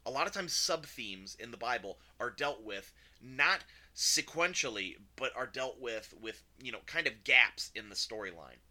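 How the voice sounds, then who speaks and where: Bright-voiced man teaching a Bible lesson. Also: medium pitch, lively intonation, normal speed, few pauses. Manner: conversational, chatty, with fillers and self-corrections. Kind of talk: casual recorded Bible lesson.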